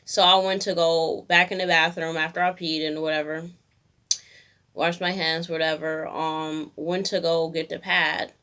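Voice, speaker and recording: A woman's voice: deep voice, little pitch movement, unhurried, sharp tone, smooth. A young woman telling a personal story in a candid, slangy way, acting out what people said. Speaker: vlogger. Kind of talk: casual storytime.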